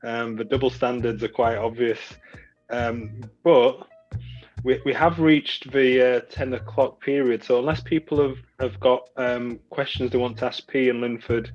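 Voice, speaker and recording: A man hosting and moderating an online Q&A, speaking in a measured way with hesitant fillers, over a video call. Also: medium pitch, steady tone, lo-fi sound, soft background music. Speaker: session host.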